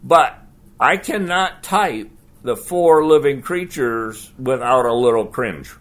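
A man preaching a sermon as pastor, conversational and animated, asking the congregation rhetorical questions. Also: mid-range voice, takes it slowly.

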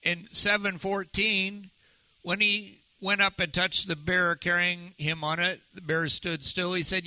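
Slow, bright-voiced male preacher. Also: high voice, flat delivery, no room sound, low-quality recording. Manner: asks the audience many rhetorical questions. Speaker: pastor. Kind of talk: sermon.

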